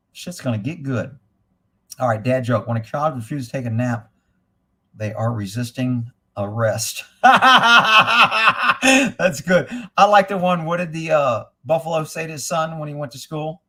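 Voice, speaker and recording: A man's voice: fairly high pitch, big pitch swings, a little slow, pushed and bright. A middle-aged man hosting a casual livestream, blunt and crude, joking and reading viewer comments aloud. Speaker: livestream host reading chat. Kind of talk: casual profane livestream chat.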